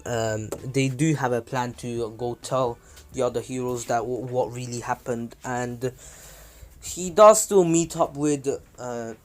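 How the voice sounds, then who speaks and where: A man's voice: medium pitch, steady tone, a little slow, soft background music. A man casually retelling a fan-made story, rambling with many fillers and self-corrections.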